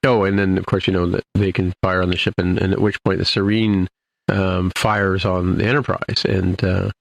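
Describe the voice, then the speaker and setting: A man's voice: low-pitched, little pitch movement, moderate pace, gravelly, dry recording. A man co-hosting a podcast, casually recapping an episode in a rambling way, full of restarts and "you know". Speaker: podcast co-host.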